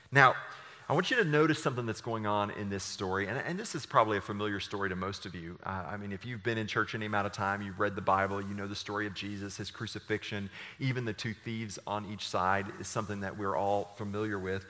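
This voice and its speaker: A man's voice: fairly low pitch, brisk, sharp tone. A man preaching a sermon, reading scripture dramatically with his voice rising and dropping. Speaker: pastor. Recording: long hall reverb.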